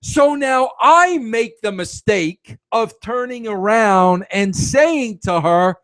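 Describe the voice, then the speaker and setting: High-voiced middle-aged male podcast host. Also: slow pace, hardly any pauses, no echo. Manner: animated, stammering restarts, self-mocking. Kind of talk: casual storytelling monologue.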